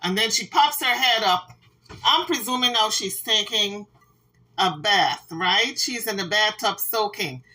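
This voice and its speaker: A woman's voice: medium pitch, a little slow, bright, forceful tone, poor audio. A woman vlogger giving casual gossip commentary, dramatic and playful, with sassy asides.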